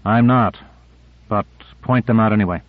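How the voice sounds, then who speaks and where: A man's voice: on the low side, moderate pace, no echo, natural voice. Male narrator doing wary agent, terse, dry phone-thin sound. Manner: terse and defensive. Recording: dry narrow phone-like audio.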